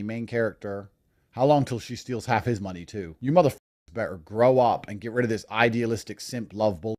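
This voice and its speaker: A man delivering a crude, lecturing rant as an online commentator. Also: medium pitch. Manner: mocks others in put-on voices. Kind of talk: profane reaction rant.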